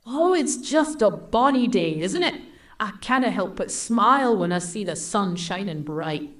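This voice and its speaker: A woman's voice: mid-range voice, lively intonation, unhurried, far from the mic, lightly acted. A woman voicing a playful, cheerful young Scottish woman for a game.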